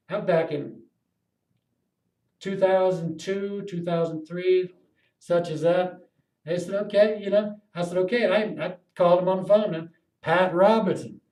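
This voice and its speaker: Impassioned man ranting in an echoey room. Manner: impassioned, profane storytelling, swings between loud outbursts and low muttering. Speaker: video blogger. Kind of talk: rambling monologue to camera.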